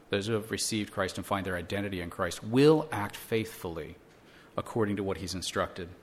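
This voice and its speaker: Earnest low-voiced male Bible teacher. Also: a bit bright. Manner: earnest, explanatory, with restarts and rhetorical questions. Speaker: church teacher. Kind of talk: Bible lesson.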